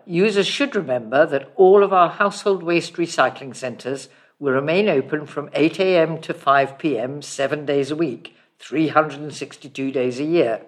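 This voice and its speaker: A newsreader delivering a local council story in a steady, clear reading style. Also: medium pitch, normal speed. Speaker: news reader. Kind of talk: read news bulletin.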